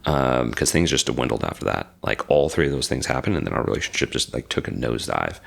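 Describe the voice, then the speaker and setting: Gravelly, very deep-voiced man in his forties. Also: fast talker. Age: 40s. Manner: animated storyteller acting out quoted dialogue. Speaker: podcast guest. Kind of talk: casual interview storytelling. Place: lives in Reno.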